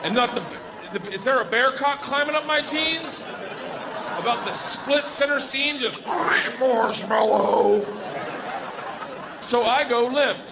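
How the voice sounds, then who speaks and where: A man in his forties telling a stand-up story, animated and yelling his punchlines, on a stage mic. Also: extremely high pitch, moderate pace, a crowd in the background, noisy background. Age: 40s. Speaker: stand-up comedian. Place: large comedy venue. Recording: live stage mic with hall reverb and faint ambience.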